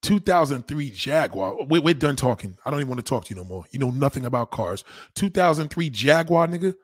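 Husky, animated man ranting on a live stream. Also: a little fast, dry recording, clean studio sound. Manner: mocking, profane, repeats himself for emphasis; animated, pitch jumps up when indignant. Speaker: livestreamer reading viewer comments. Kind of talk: heated live-stream rant.

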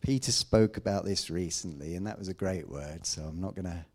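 A man preaching a sermon, emphatic, with loud declamations and quiet asides. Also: sits low, a little fast, vocal fry, slightly rough.

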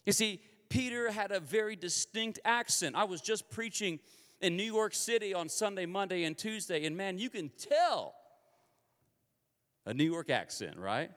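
A man from Kansas preaching a sermon in a lively, conversational and confessional way, with a long hall reverb on his voice. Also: high voice, moderate pace.

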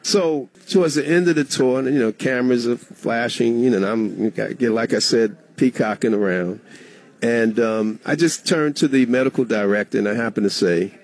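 A man's voice: mid-range voice, normal speed. A middle-aged man, a former state legislator, telling a story as a guest in a radio interview. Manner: animated storyteller, acts out quoted dialogue.

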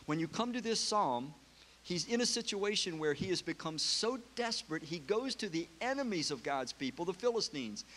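A man preaches in an earnest, emphatic way, reading verses aloud and stopping to ask his listeners questions. His voice sits a little higher than most men's. The delivery is a sermon throughout. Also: expressive, moderate pace, fairly bright tone, a little hiss or hum.

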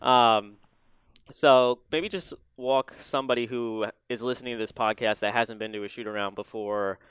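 A man's voice: mid-range voice, steady tone, normal speed, fairly bright tone, clean tone, dry recording. A young man hosting a casual sports podcast, laughing often and talking loosely with lots of fillers. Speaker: podcast host.

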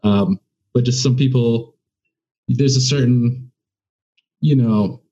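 A man's voice: mid-range voice, slow pace, warm tone, highs cut off. A man who does stand-up comedy, talking as a guest in a casual conversation and thinking aloud with many restarts.

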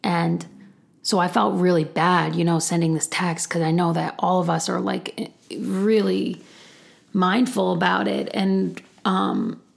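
A woman's voice: fairly low pitch, little pitch movement, measured pace, gravelly. A woman telling a candid personal story, chatty and self-deprecating, often acting out both sides of a conversation.

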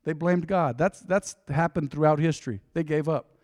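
A male pastor preaches in a folksy, chatty way, slipping into short acted-out exchanges between people. His voice sits fairly high for a man. It carries a long hall reverb over an otherwise dry close sound. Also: moderate pace, darkish tone. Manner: folksy and conversational, acting out little dialogues. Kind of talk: sermon.

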